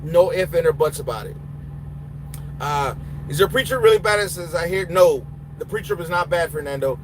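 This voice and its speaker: A young Honduran truck driver and trainer with a Honduran Spanish accent and a slightly high, animated voice answers viewer questions at a moderate pace, bluntly and casually, mixing English and Spanish. It's a casual live Q&A where he reads the chat aloud over loud road and engine hum.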